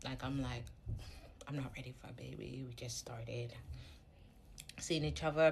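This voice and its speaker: A woman's voice: extremely low pitch, steady tone, normal speed, vocal fry, a little hiss or hum. A woman in her thirties telling a candid, reflective personal story in a casual vlog at home. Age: 30s. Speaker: vlogger.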